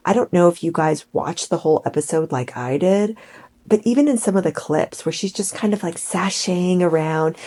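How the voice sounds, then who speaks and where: A woman vlogger giving opinionated commentary in a sarcastic, exasperated, animated way. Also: on the low side.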